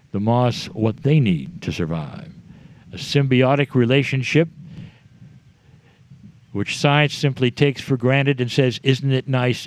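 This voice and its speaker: A man giving a spiritual talk to a group, slow and deliberate, letting his voice drop low at the ends of phrases. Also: no room sound. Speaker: spiritual speaker.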